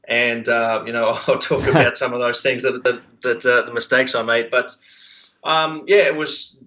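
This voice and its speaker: A man with an Australian accent, a podcast guest telling his business story in a relaxed, rambling way with lots of fillers. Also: mid-range voice, moderate pace, a little hiss or hum, low-quality recording. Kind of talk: casual interview storytelling.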